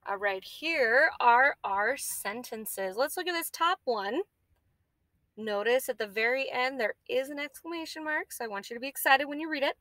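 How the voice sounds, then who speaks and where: A woman teacher leading a guided reading lesson for children, spelling words out slowly letter by letter and encouraging her class. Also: on the high side, bright, forceful tone, no room sound. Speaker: elementary school teacher.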